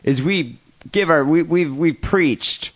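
A man's voice: fairly high pitch, takes it slowly, husky. A man co-hosting a podcast in casual comedic chat, crude and jokey, laughing often. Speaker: podcast co-host.

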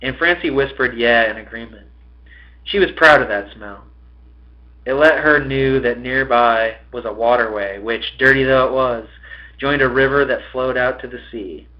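A man's voice: mid-range voice, moderate pace, lo-fi sound. A man hosting a podcast, reading a novel aloud with expression and swearing at his own slips.

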